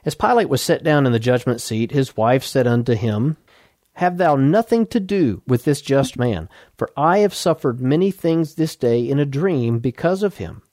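A man's voice: medium pitch, warm tone, no echo. Man preaching a sermon, dry sound. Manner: reads scripture aloud in King James wording, slows for emphasis.

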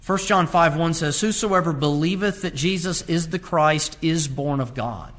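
A man's voice: a little high, unhurried, fairly bright tone. A man preaching a sermon, quoting scripture with emphatic rises and drops in his voice. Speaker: pastor.

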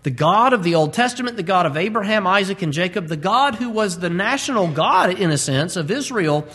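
A man's voice: high-pitched, expressive, a little fast, fairly bright tone. A man, preaching a verse-by-verse sermon, earnest and emphatic with humorous asides. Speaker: pastor.

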